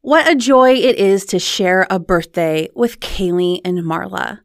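A woman's voice: mid-range voice, measured pace, hardly any pauses. A young adult woman hosting a podcast, talking earnestly and enthusiastically, building her points up in emphatic lists. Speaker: podcast host. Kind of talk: casual chat and scripted outro.

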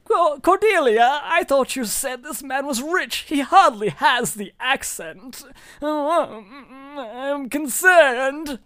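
A man's voice: very high voice, animated, a bit bright, no echo, studio quality, voice pushed up, exaggerated voice. A man doing a pompous, sing-song posh snob. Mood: fretful. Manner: prim, drawn-out, sing-song upper-class voice. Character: posh snobbish man, haughty and absurd.

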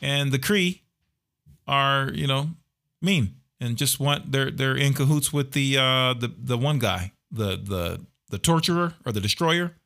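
A middle-aged man co-hosting a casual podcast chat, animated and quick to laugh, often trailing off into fillers. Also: medium pitch. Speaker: podcast co-host.

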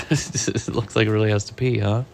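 A man reading a picture book aloud in an animated way, stopping to ask the listener questions. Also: lowish voice, moderate pace, creaky, slight background noise. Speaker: reader.

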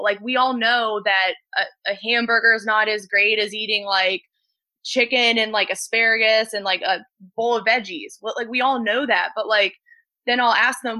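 A woman's voice: a little high, fairly even intonation, normal speed, pushed and bright, poor audio. A woman strength coach talking casually as a podcast guest, with many "like" fillers.

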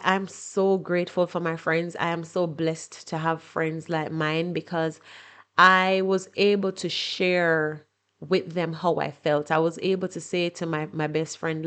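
Candid woman sharing a painful story. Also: on the low side. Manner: emotional, candid, repeats words when searching. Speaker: podcast host. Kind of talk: personal storytelling monologue.

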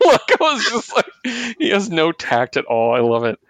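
A man's voice: medium pitch, wildly swooping pitch, moderate pace, hardly any pauses, a bit bright, no echo. Laughing man recapping comics. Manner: laughs often, acts out quoted characters. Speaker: podcast co-host. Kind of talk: casual comic book discussion.

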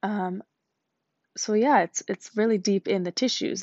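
A young woman talks through a casual solo wellness talk, chatty and quick to laugh, acting out her own past reactions. Her voice has a gravelly fry. The recording is dry and slightly dull. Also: medium pitch, a little mellow, no echo. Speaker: wellness speaker.

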